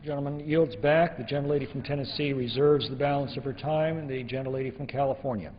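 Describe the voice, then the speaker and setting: A man presiding in a legislative chamber, making brisk, formal procedural announcements. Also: mid-range voice, fairly even intonation, background noise. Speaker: presiding officer. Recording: dull broadcast audio in a long-reverb chamber.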